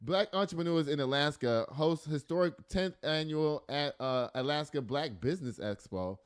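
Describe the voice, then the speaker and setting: Man, podcast host, casual news commentary, fairly high voice, exasperated asides, laughs a lot. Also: normal speed, smooth. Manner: reads news aloud with frequent exasperated asides; laughs and jokes often.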